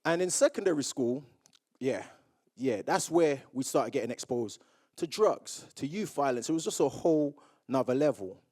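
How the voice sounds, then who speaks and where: A young man from Jamaica giving a motivational speech to a live audience, telling his story in a lively way and acting out old conversations. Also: medium pitch, normal speed. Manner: animated storyteller who acts out remembered dialogue. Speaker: public speaker. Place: awards event room with audience.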